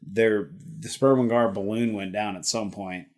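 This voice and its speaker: Man, middle-aged, lowish voice, casual guest chat, halting, many restarts. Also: fairly even intonation, darkish tone. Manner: halting, restarts phrases, laughs easily. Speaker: guest, retired Army helicopter pilot. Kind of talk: casual conversation.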